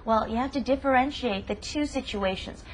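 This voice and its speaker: A woman hosting a language lesson, upbeat and emphatic, drilling words slowly. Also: fairly high pitch. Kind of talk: upbeat teaching.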